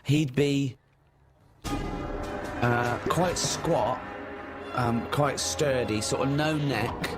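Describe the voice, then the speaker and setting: A middle-aged man hosting a comedy chat, teasing and animated, often breaking into laughter. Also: mid-range voice, extremely slow, long pauses, music in the background. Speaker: comedy podcast host.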